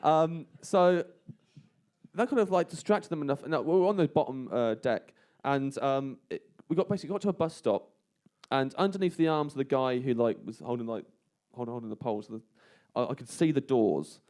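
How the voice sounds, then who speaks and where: A man telling a long, rambling story in a studio, his voice mid-pitched and unforced. The room around him is quiet. He drops lower and softer when he quotes others. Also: lively intonation, fairly quick. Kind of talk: casual radio chat, anecdote. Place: radio studio. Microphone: studio microphone.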